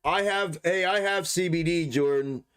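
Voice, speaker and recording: A man's voice: a little high, normal speed, fairly bright tone, clean tone, soft background music. A young man live streaming, rambling casually with heavy slang and lots of swearing. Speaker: stock market live streamer.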